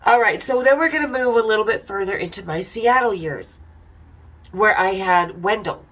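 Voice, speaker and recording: A woman's voice: mid-range voice, normal speed, a bit bright, rough recording. A middle-aged woman telling frank, irreverent stories in a casual chat, now and then laughing. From Utah. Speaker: podcast host telling stories. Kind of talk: casual storytelling.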